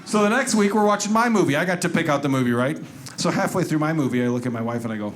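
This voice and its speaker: A man doing a stand-up comedy routine on stage, telling sarcastic, deadpan stories and acting out the people in them. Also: a little high, very fast, noisy background. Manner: deadpan, sarcastic storytelling with acted-out quotes. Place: comedy club stage before a live audience. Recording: stage recording with loud audience laughter.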